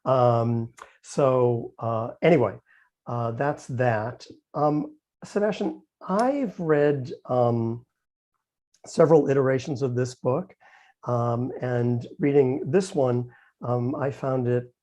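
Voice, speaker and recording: A man's voice: mid-range voice, warm tone. A man interviewing an author over a video call, hesitant with many ums and dry humor. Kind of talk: casual conversation.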